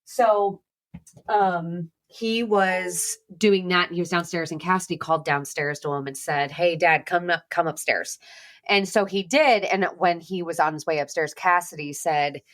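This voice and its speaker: A woman in her thirties chats on a podcast with a bright, forceful edge to her voice. Her register sits a little low, and she rambles through candid stories with frequent restarts. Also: unhurried. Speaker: podcast host. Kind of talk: casual chat.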